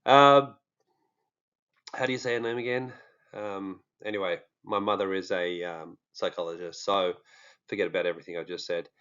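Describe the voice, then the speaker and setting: A man's voice: low-pitched, steady tone, normal speed, a bit bright, smooth, highs cut off. A man with an Australian accent, talking casually and jokingly to his viewers, with many fillers. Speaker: true crime vlogger. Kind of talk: casual monologue to camera.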